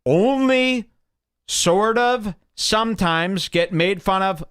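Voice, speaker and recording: A man's voice: high voice, takes it slowly, a bit bright, smooth, no room sound, studio quality. A man hosting a comedy radio show, delivering a sarcastic, mock-serious rant meant to provoke.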